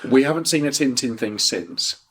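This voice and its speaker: Male podcast co-host, animated, playful banter, quick to laugh. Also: mid-range voice, a little hiss or hum. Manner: playful, laughs often, lively swearing banter. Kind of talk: casual chat.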